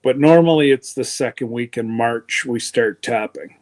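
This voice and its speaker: A man's voice: medium pitch, moderate pace, a little mellow. A man hosting a live stream in a folksy, meandering way, his chest congested from pneumonia. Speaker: livestream host. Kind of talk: rambling casual chat.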